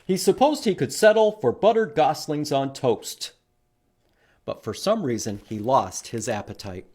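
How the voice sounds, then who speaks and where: A man reading a picture book aloud to children as a librarian, animated and stopping to ask them questions. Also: medium pitch, measured pace. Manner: animated, asks the listeners questions.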